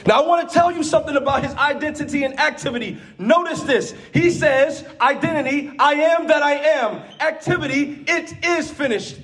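A man. He moves from soft, low teaching into loud call-and-response shouts. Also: normal speed, hardly any pauses. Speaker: preacher. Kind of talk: sermon.

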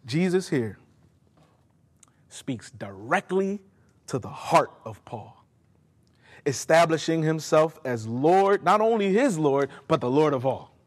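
A male pastor delivering a sermon with emphatic, direct appeals to the congregation. His voice sits a little high for a man. The sound rings with a long hall reverb, as in a church sanctuary. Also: big pitch swings, takes it slowly, long pauses.

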